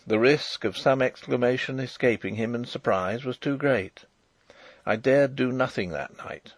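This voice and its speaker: Give me a man narrating an audiobook in a measured, dramatic way, with a gravelly voice. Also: medium pitch, dry recording. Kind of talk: first-person audiobook narration.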